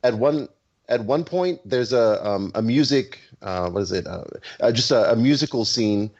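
A man's voice: medium pitch, lively intonation, moderate pace, darkish tone. A man chatting on a podcast panel, hesitant with many ums and restarts, over an online call. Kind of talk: casual chat. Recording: muffled online call audio.

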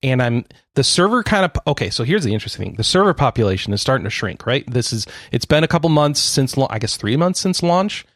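A man's voice: medium pitch, very animated, fast talker, hardly any pauses, no echo, studio quality. A man co-hosting a podcast, chatting casually about games, rambling and cutting himself off, often laughing. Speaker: podcast co-host. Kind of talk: casual gaming chat.

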